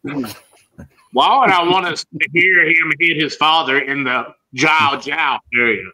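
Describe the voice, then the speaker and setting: A man's voice: a little high, slow pace, bright, forceful tone, poor audio. A man joking and laughing through casual live-show banter.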